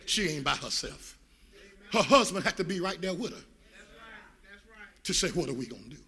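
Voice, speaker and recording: A man preaching a sermon in a high, gravelly and piercingly bright voice. He rides a sing-song cadence, calls on the room to answer back and climbs into shouts. Faint music sits behind him. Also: expressive, normal speed. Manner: builds to shouting. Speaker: pastor.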